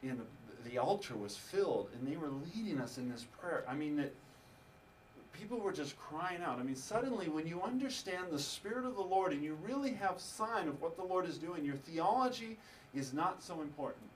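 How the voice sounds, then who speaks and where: Distant, animated male preacher. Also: a little high, moderate pace, slight background noise. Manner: animated storytelling with laughter and acted quotes. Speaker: pastor. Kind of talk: sermon storytelling.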